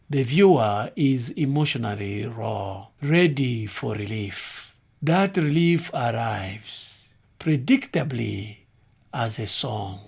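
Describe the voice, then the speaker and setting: Slow, gravelly-voiced male commentator. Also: medium pitch, darkish tone. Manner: measured, analytical, grave. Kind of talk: scripted critical commentary.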